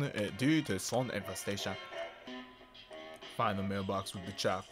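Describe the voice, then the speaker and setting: A man giving casual, profane gameplay commentary, swinging between low mumbling and excited yelps. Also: a little slow, pauses often, over music. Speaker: game streamer.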